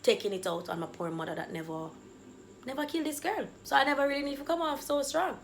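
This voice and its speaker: Animated woman telling a story. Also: sits high, fast talker, creaky, slight background noise. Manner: animated storytelling with dramatic swings; acts out quoted dialogue. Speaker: vlogger. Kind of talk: storytime vlog.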